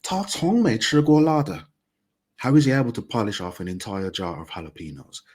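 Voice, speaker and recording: Guy teaching mandarin grammar, lowish husky voice, patient and clear, leans on the example phrases. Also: darkish tone. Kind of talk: explaining grammar in a recorded lesson.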